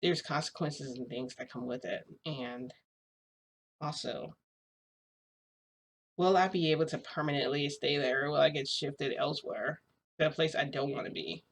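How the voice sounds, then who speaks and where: A woman's voice: low voice, moderate pace, pauses often, a little hiss or hum. A woman telling a rambling story to her viewers in a casual vlog, full of "like" and small laughs. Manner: rambling, filler-heavy, frequent "like"; laughs between phrases. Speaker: vlogger.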